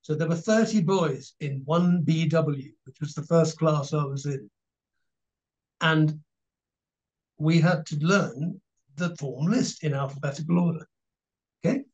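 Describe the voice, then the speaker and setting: An English man in his sixties, a guest actor telling animated stories and laughing through an interview. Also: fairly high pitch, unhurried, long pauses. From England. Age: 60s. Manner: animated storyteller, laughing, mimicking others. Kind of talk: casual anecdotal interview. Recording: dull lo-fi recording.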